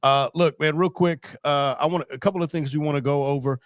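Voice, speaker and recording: A man hosting a podcast, chatting casually about sport as an animated storyteller who laughs often. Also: a little high, a little fast, no echo, clean studio sound. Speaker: podcast host.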